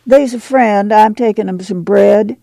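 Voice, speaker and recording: A man voicing a weary, steady mother of a poor migrant family, talking in a folksy rural dialect, firm and quiet. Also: medium pitch, unhurried, creaky, no room sound, pitched above the performer's own voice.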